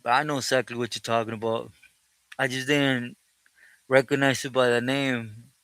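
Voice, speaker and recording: A man hosts a live stream, reading chat and greeting viewers by name as he switches between English and Spanish, often thanking God. His mid-range voice is level and a bit bright, at a moderate pace, with a clean tone and no echo.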